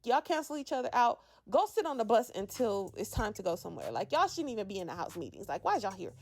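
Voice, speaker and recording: A woman's voice: medium pitch, very animated, quick pace, darkish tone. A woman hosting a casual reality TV recap, chatty and sassy, laughing often as she talks to her viewers.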